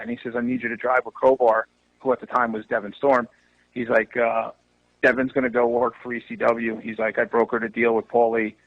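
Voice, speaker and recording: Animated man telling backstage stories. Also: mid-range voice, fairly quick, no room sound, narrow, tinny audio. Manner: animated storyteller, swears freely. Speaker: wrestling promoter guest. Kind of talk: storytelling in casual podcast chat.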